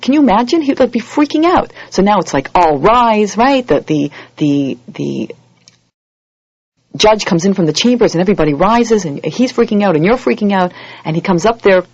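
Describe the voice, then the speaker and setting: A woman giving an animated lecture, acting out little scenes and quoted voices as she teaches. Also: brisk, no echo. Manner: animated, acts out quoted voices with big pitch jumps. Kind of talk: lively lecture. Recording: dull lo-fi audio recording.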